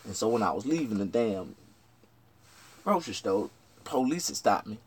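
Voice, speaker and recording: A man rambling through a profane, casual vlog monologue. He jumps from shouted outbursts to low mutters. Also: very animated, moderate pace, husky. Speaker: vlogger.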